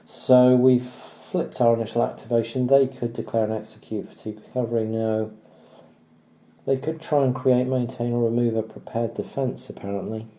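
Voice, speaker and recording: A man thinking aloud as he plays through a board wargame, hesitant and full of pauses and fillers. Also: mid-range voice, fairly even intonation, dark tone, poor audio. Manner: hesitant, many pauses and ums, clears throat.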